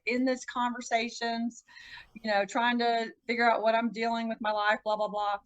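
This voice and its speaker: A woman's voice: fairly bright tone, rough recording. A woman podcast guest telling a personal story in a casual, earnest way. She often stops and restarts her sentences. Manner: earnest, halting, with frequent restarts; acts out quoted voices with pitch jumps.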